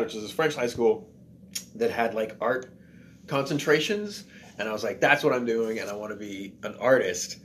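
A man's voice: on the low side, fairly bright tone, a little hiss or hum. A male guest talking casually, rambling and self-deprecating, with many fillers and restarts. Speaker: guest, comedian and writer. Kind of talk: casual chat.

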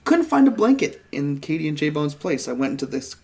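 Young man, podcast co-host, animated and profane, slightly high voice. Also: fairly quick, gravelly. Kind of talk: casual storytelling chat.

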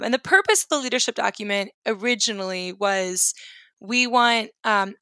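A young woman from New York tells her personal story in a candid, rambling way, peppering it with "like." Her voice is bright and sharp. The recording is dry and close. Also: medium pitch, no echo. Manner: candid and rambling, full of "like" fillers. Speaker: guest.

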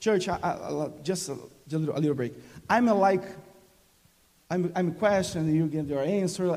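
Brazilian man preaching in halting English. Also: high voice, warm tone, in a large hall. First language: Portuguese. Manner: halting, many restarts, laughs often, invites call-and-response. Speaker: guest preacher. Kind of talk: sermon.

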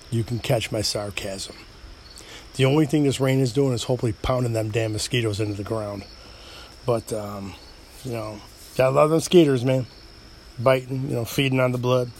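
A man's voice: mid-range voice, a little mellow, slight background noise. Middle-aged upstate New York guy, slightly tipsy, rambling off the cuff, crickets faint behind. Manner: loose, rambling, swears and jokes at himself. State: a bit tipsy. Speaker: podcast host. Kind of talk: rambling solo podcast.

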